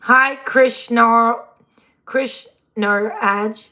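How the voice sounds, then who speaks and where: A woman, hosting a casual livestream chat in a slightly hoarse voice and laughing often. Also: fairly high pitch, fairly even intonation, extremely slow, pushed and bright. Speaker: livestream host.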